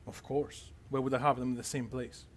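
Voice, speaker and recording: A man's voice: mid-range voice, flat delivery, fairly quick, close to an everyday voice. A man voicing an evasive male schemer who pleads and insists while hiding his reasons, as a game master doing a character. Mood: insistent.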